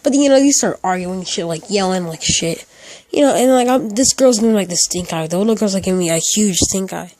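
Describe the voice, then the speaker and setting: A man's voice: high-pitched, a little fast, a little mellow, dry recording. A teenage boy telling a casual storytime, rambling with lots of fillers and restarts. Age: teens. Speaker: storytime YouTuber.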